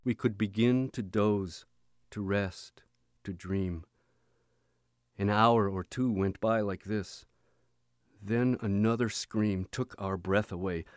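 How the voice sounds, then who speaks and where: A man reading a book chapter aloud in a measured, expressive audiobook narration. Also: on the low side, clean tone, dry recording, clean studio sound. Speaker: audiobook reader.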